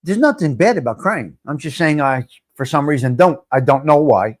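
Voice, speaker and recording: A man's voice: fairly high pitch, expressive, normal speed. A middle-aged man hosting a live stream, chatting casually and joking with his viewers as he talks straight to them.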